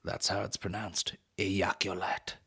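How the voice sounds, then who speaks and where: Male comedy podcast host, lowish voice, crude sweary rants, acts out silly voices. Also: moderate pace, a bit bright.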